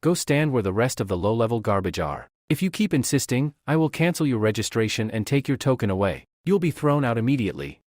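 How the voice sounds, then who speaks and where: A contemptuous old sect elder who drags his threats out slowly, as a male narrator puts him on. The voice sits in a middle pitch with lively movement and a dry, close sound. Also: dry recording.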